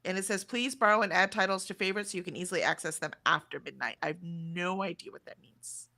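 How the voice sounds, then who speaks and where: A woman's voice: on the low side, fast talker, pushed and bright. A woman, chatting casually on a livestream and reading viewers' comments aloud. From Texas, USA. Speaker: livestream co-host. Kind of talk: casual chat reading out live chat.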